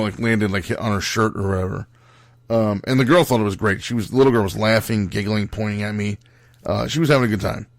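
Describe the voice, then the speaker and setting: A young man tells a story on his podcast in a low voice. He rambles and stumbles, full of fillers and restarts, and he is blunt and foul-mouthed. The recording is close and dry. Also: dry recording. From Italian-American background. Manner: rambling, lots of fillers and self-corrections; blunt and profane. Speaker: podcast host telling a wrestling road story. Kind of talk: casual storytelling monologue.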